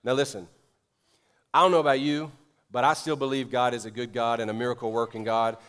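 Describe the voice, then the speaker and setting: A middle-aged male pastor preaching a sermon, telling a story and then building to loud, emphatic preaching. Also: mid-range voice, steady tone, brisk, clean tone.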